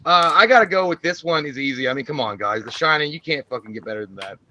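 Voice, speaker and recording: A man's voice: a little high, expressive, fast, bright, forceful tone, no room sound. A young man co-hosting a live horror movie stream, swearing, joking and laughing through crude casual banter. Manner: profane, joking, laughs often.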